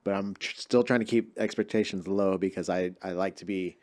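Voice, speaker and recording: A man's voice: low voice, fairly even intonation, fairly quick, darkish tone. A young man co-hosting a podcast in casual chat, easygoing, swearing casually and slipping into playful voices. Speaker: podcast co-host.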